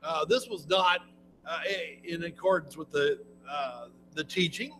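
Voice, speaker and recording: A man's voice: fairly high pitch, unhurried, music in the background, low-quality recording. A man preaching a Bible lesson in a folksy, conversational way, often restarting his sentences. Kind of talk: sermon, Bible class teaching.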